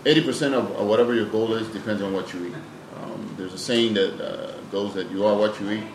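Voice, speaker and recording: A man's voice: on the low side, steady tone, fairly quick. A man, a fitness trainer and nutrition coach, answering interview questions in a plain-spoken, emphatic way and often repeating words as he thinks. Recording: echoey room with background noise.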